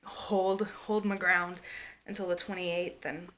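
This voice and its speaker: A woman in her thirties chatting candidly to the camera at home, soft and rambling with lots of fillers, sometimes dropping to a near-whisper. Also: fairly low pitch, flat delivery, takes it slowly. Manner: drops to a hushed near-whisper at times. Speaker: family vlogger, mother. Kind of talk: casual to-camera vlog chat. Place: home, indoors.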